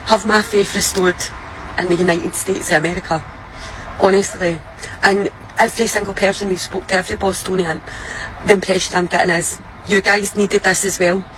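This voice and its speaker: A woman's voice: mid-range voice, level tone, a little fast, a bit bright, slight background noise, low-quality recording. A woman with a Scottish accent delivering a heartfelt, grateful message. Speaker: visitor giving a message in a clip.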